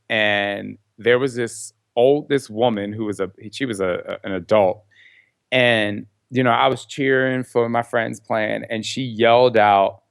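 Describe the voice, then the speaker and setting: Animated storytelling man, dry close sound. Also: medium pitch, vocal fry, no echo. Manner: animated storyteller, laughs often. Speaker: podcast guest. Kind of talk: casual interview chat.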